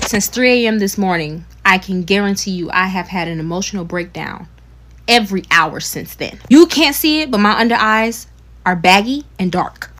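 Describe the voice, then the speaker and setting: A woman's voice: medium pitch, normal speed, a bit bright. Exasperated woman in a dramatic rant. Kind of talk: emotional social media rant.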